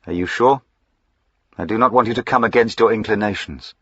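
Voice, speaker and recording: A man's voice: lowish voice, fairly quick, fairly bright tone, husky, dry recording, lo-fi sound. A man voicing a moody, short-tempered young aristocrat with a clipped, sardonic way of speaking. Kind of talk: audiobook character voicing.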